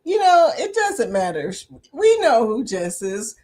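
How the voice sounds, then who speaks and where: A woman's voice: fairly high pitch, very animated, measured pace, a little mellow. An older woman hosting a casual livestream chat, reading viewer comments aloud and laughing often between remarks. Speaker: livestream host.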